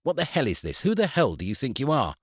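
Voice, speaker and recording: A man's voice: on the low side, sing-song, moderate pace, no room sound, studio quality, voice pushed up. A man voicing a harried, exasperated man in his middle years, with a strained, pleading voice.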